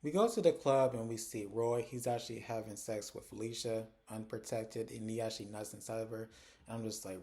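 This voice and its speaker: Dude recapping tv episodes, super chatty and casual, mellow darker voice. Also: male voice, on the low side, fairly even intonation, a little fast. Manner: chatty and conversational, retells scenes with lots of "like". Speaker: TV recap host.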